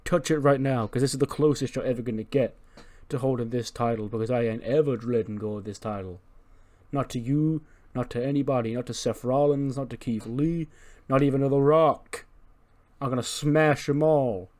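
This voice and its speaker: A man's voice: mid-range voice, fairly even intonation, normal speed, darkish tone, lightly acted. A man voicing a menacing, swaggering male wrestling champion who threatens a younger rival.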